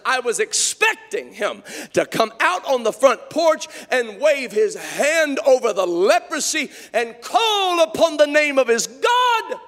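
Preacher: man, very high voice, fervent storytelling sermon in a reverberant church. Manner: storytelling, exclaims hallelujah, builds to shouting. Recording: long hall reverb.

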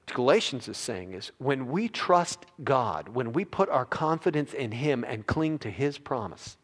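A man's voice: mid-range voice, animated, a little slow, breathy edge. A male pastor preaching a sermon, emphatic and prone to repeating words as he builds his points. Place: church sanctuary. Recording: long reverb of a large hall.

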